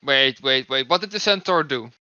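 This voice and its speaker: Bright-voiced man playing a tabletop game. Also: medium pitch, animated, normal speed, clean tone, no echo, lo-fi sound. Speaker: player. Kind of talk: casual game chat.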